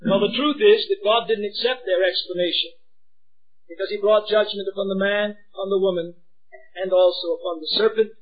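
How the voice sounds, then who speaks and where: Impassioned high-voiced preacher, lo-fi. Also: male voice, fairly even intonation, moderate pace, slightly rough. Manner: impassioned, swings from hushed pleading to shouting. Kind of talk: sermon.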